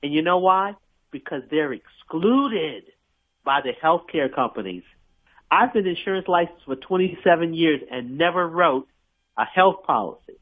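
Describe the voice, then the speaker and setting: A woman's voice: deep voice, expressive, normal speed. An older woman calling in to a radio show, talking emphatically and repeating herself for stress. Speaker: caller. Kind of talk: radio call-in. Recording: tinny phone line.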